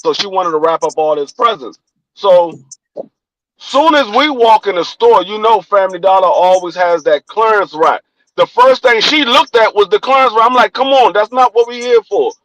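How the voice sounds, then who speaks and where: High-voiced D.C. man telling stories. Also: normal speed, dry recording, rough recording. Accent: Washington, D.C. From Washington, D.C. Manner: animated storyteller acting out quoted dialogue, profane. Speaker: podcast co-host. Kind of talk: casual chat, storytelling.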